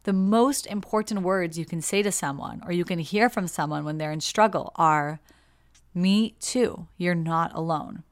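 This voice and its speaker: Young female podcast host, lowish voice, earnest reading and reflection. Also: measured pace. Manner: earnest, reflective, acts out quoted replies.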